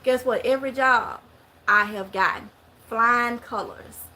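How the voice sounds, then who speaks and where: A woman's voice: fairly high pitch, a little slow, bright, forceful tone, a little hiss or hum. A middle-aged woman from Mississippi with a strong Mississippi Southern accent, talking casually to camera and telling a story in rural Southern dialect. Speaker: vlogger.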